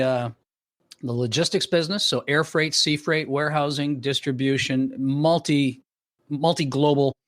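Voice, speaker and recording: A middle-aged man with a South Florida accent tells his story as a podcast guest, in a mid-pitched voice. He talks animatedly, acts out conversations, and often restarts his sentences. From Canada, raised in Florida. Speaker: podcast guest, sales trainer. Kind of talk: casual interview storytelling.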